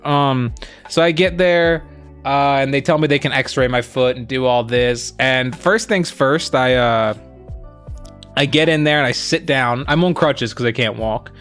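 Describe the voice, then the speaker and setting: A young man casually telling a story as a co-host, rambling with lots of fillers and quoting people in animated bursts. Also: mid-range voice, a little slow, smooth, faint music behind.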